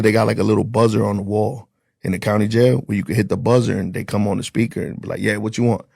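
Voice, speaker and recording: A man with a low, heavily gravelly voice tells his story in a blunt, casual way. He swears freely and acts out what people said to him. His voice is husky, and the sound is dry and close. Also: a little mellow, no echo. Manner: blunt, profane, acts out dialogue. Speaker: interview guest, former corrections officer.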